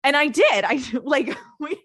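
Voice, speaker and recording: A pregnant woman talking in a casual conversation, animated and laughing as she acts out her own past thoughts. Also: high-pitched, measured pace, dry recording, studio quality.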